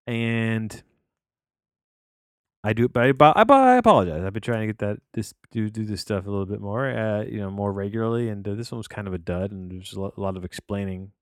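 A man's voice: on the low side, clean tone, no echo, studio quality. A man hosting a podcast, rambling through a casual film review with many restarts and fillers. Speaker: podcast host reviewing films.

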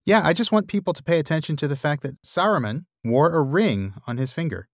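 A man's voice: a little high, expressive, fairly quick, dry recording, studio quality. A man co-hosting a book podcast, chatting casually with wry joking asides. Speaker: podcast co-host. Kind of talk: casual chat.

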